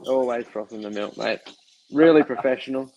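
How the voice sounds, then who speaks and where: Australian man, gravelly, relaxed guest on a phone line with light hiss. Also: mid-range voice, brisk. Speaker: podcast guest. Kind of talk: casual chat.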